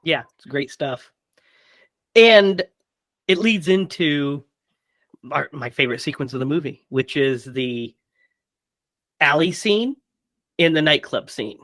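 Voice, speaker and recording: A man co-hosting a casual movie podcast, retelling scenes with quick quoted character lines. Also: fairly high pitch, animated, a bit bright, no echo, studio quality. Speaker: podcast co-host.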